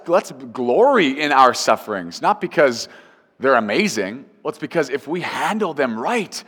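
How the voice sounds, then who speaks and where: A man's voice: medium pitch, a bit bright, big-room sound. A man, a pastor, preaching a sermon earnestly and building emphasis with repeated phrases.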